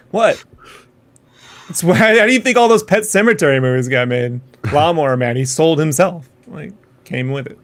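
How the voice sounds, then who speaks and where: A man with a slightly higher voice, joking and riffing on tangents in a loose podcast chat. His delivery is offhand and playful. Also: lively intonation, unhurried. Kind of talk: casual chat.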